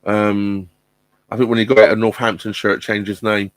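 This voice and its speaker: A man's voice: fairly low pitch, little pitch movement, moderate pace, no echo. A man hosting a casual live stream from his narrowboat, chatting with viewers in a rambling way, full of ums and restarts, laughing often. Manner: laughs often while talking.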